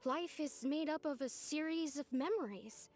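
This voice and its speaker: A woman voicing a heartbroken young woman from a video game who puts on a brave face, speaking in a wistful, softly resigned way. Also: high voice, moderate pace, faint music behind, close to an everyday voice.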